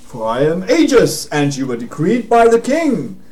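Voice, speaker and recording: A man voicing a pompous male paladin who panics in shrill, repeated cries, over noisy home stream audio. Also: wildly swooping pitch, moderate pace, warm tone. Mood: haughty. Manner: shrieking, panicked repetition.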